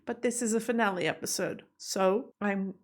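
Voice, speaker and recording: A woman's voice: mid-range voice, fairly even intonation, normal speed. A young adult woman hosting a TV reaction video, talking in a chatty, emotional and exclamatory way. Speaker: reaction channel host. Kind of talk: casual reaction commentary.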